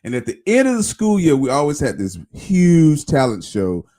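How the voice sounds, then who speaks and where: A man's voice: a little high, big pitch swings, normal speed, dark tone. A middle-aged man hosting a podcast, chatting casually and reflecting on his own past. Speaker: podcast host. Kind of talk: casual interview chat.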